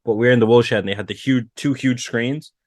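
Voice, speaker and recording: A young man co-hosting a podcast, bantering quickly and excitably. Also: medium pitch, no room sound, studio quality. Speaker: podcast co-host. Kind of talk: casual chat.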